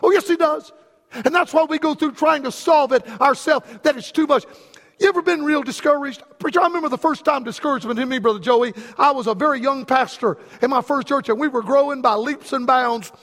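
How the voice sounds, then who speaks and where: A man's voice: very high voice, brisk, a bit bright. A man preaching a folksy, storytelling sermon to his congregation, calling out questions to the people in the pews. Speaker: pastor. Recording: long hall reverb.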